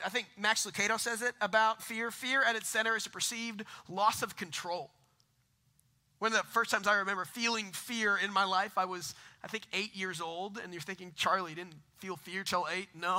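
Bright-voiced joking male pastor. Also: high voice. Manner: conversational, joking asides, self-deprecating humor. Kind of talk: sermon.

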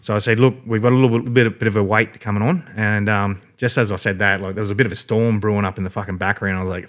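A man's voice: lowish voice, fairly even intonation, fast talker, hardly any pauses, a bit bright. An Australian man telling a story in a rambling, laid-back way, swearing freely. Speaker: podcast guest. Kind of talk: casual storytelling.

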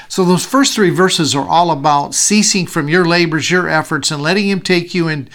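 Repetitive, higher-voiced male pastor. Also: moderate pace, hardly any pauses, a bit bright. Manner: repeats key phrases for emphasis, conversational. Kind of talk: sermon.

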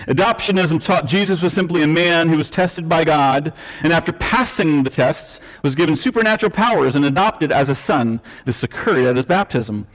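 A man's voice: a little high, lively intonation, normal speed, hardly any pauses. Man preaching in a reverberant church. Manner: teaching, emphatic, with self-deprecating asides. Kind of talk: sermon. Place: church sanctuary. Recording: long reverb of a church hall.

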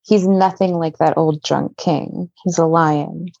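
A woman guest on a podcast, talking things over in a thoughtful, measured way, in a dull lo-fi recording. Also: sits low, steady tone, creaky, warm tone, no echo. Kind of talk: casual podcast chat.

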